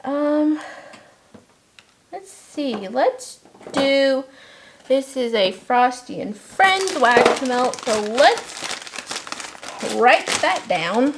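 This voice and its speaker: A woman's voice: sits high, expressive, very slow, long pauses. Rambling, chatty woman packing orders. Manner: rambling, storytelling, laughs often. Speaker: soap shop owner packing orders. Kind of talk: chatty vlog while packing. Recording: noticeable background noise and crinkling packaging.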